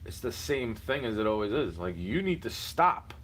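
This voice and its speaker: A man's voice: mid-range voice, big pitch swings, normal speed, a bit bright, a little hiss or hum. Man ranting heatedly, full of profanity. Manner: repetitive, circling back on points. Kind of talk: venting monologue.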